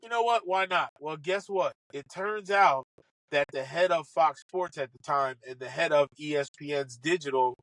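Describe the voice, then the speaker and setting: Lively comic man telling stories, bright tone. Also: a little high, moderate pace, no echo, rough recording. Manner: animated, excitable, acts out quoted lines. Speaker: podcast guest, comedian and golf broadcaster. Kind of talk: casual comic storytelling.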